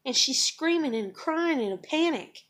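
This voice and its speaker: A woman venting in a personal vlog, blunt and emotional, swearing often as she talks about her life. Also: normal speed. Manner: acts out others in higher excited voices. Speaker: vlogger.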